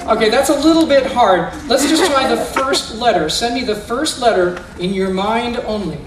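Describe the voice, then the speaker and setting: Crowd noise and a noisy background surround a very high-pitched man speaking at a moderate pace. He's a magician performing for schoolchildren, coaxing child volunteers through mind-reading tricks with theatrical patter. His voice sounds far off in an echoey indoor school room or gym.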